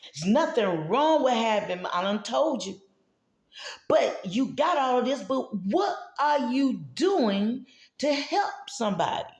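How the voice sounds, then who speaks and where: A woman's voice: on the high side, very animated, takes it slowly, roomy sound. A woman giving a motivational talk about mental health, with a preachy, emphatic manner that speaks straight to the listener.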